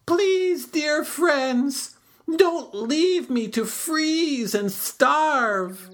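A woman's voice: expressive, full character voice. Woman voicing a fretful boastful turtle. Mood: wailing. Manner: high wailing pleas, slow sing-song. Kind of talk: storybook read-aloud.

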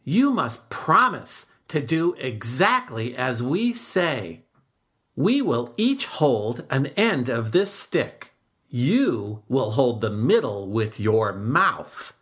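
A woman voicing a flock of birds in a storybook, speaking firmly and slowly in a slightly raised voice. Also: a bass voice, very animated, fairly bright tone, exaggerated voice. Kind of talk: storybook read-aloud.

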